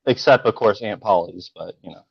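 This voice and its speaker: A man's voice: on the low side, brisk, creaky, breathy edge, no room sound, highs cut off. Dry-humored man co-hosting a stream. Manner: dry, joking, teasing. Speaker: livestream co-host. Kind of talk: casual livestream chat.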